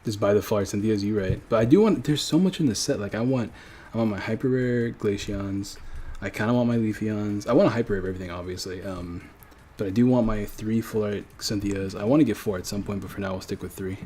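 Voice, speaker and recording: Low-voiced young man chatting on stream. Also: a little fast, mellow, slight background noise. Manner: rambling, self-correcting, chats with viewers. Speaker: livestream host. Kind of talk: casual livestream chat. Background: faint background music.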